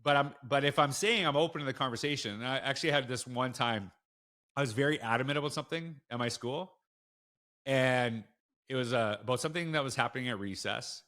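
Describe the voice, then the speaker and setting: Animated, emphatic man telling a story. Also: medium pitch, fairly quick. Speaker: school leader guest. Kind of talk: conversational storytelling.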